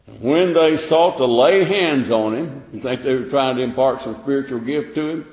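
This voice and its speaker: A man's voice: medium pitch, moderate pace. Preacher man in an echoey hall. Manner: plain-spoken, repeats himself, reads King James verses aloud. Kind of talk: sermon. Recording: echoey hall, dull lo-fi sound.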